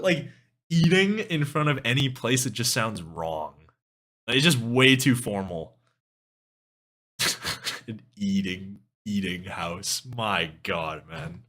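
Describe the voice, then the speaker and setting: A young man from Canada chatting casually on a live stream, animated, laughing often and swearing freely. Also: mid-range voice. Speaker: music streamer.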